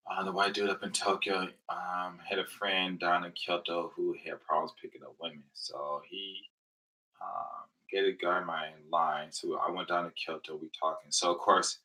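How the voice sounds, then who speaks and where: A man's voice: lowish voice, bright, forceful tone, far from the mic, poor audio. A man telling loose rambling stories in a casual vlog, acting out the other people in his stories. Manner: loose rambling storytelling with quoted dialogue. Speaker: vlogger. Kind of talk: casual storytelling monologue. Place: living in Japan.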